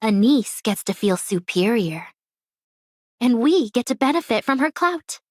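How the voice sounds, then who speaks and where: A woman's voice: a little high, sing-song, measured pace, no room sound. An actress voicing a scheming, cynical young woman ex-idol who talks in a cool, mocking, calculating way. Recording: dry close studio recording.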